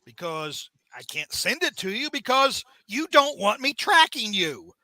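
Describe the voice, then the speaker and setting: A man voicing a smug older male villain, speaking low, quiet and mockingly calm. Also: a little slow, no echo, full character voice.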